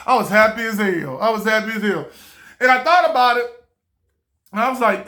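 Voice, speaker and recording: Bright-voiced man telling a lively story. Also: extremely high pitch, fairly quick. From small town in the US. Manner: animated, laughing, acts out voices in his story. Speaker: vlogger. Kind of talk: casual storytelling to camera.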